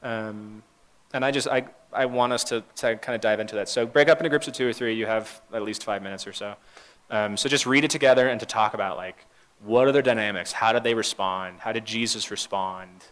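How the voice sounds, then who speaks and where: A young man preaching an informal sermon, talking in a halting, conversational way with many fillers and restarts. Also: on the low side, fairly bright tone. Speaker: pastor leading a church talk. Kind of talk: informal sermon with group discussion.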